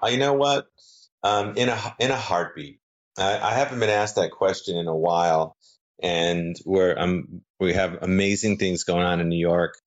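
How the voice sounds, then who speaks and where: A man's voice: deep voice, moderate pace. A middle-aged man, a guest actor, chatting casually in an interview, rambling and correcting himself as he goes. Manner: rambling, self-correcting, animated.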